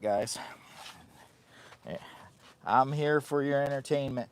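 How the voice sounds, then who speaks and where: A man's voice: medium pitch, measured pace, long pauses. Goofy rambling man in a tent. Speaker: vlogger host. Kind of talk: casual camping vlog. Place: inside a heated tent.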